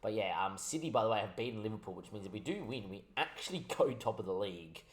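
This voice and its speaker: A man giving casual commentary on his football management game, a little tipsy from wine, switching between excitable mock match calls and chatty asides. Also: on the low side, quick pace.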